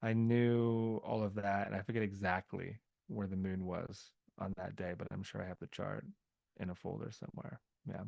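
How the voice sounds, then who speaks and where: A man's voice: lowish voice, flat delivery, moderate pace, gravelly, darkish tone, no room sound. A man from the American South, a podcast guest telling a story in a loose, rambling way full of filler words. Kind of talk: casual podcast conversation.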